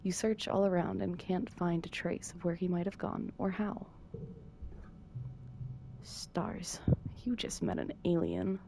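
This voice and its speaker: Low, gravelly-voiced woman narrator. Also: lively intonation, slow pace, long pauses, mellow, a little hiss or hum. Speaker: narrator reading a visual novel. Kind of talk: soft bedtime narration.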